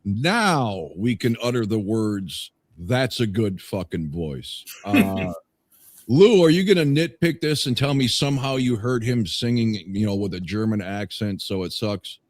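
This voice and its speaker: A man's voice: medium pitch, a little slow. A man hosting a music reaction show, teasing his co-hosts and swearing in casual banter. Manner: teasing, profane, lively.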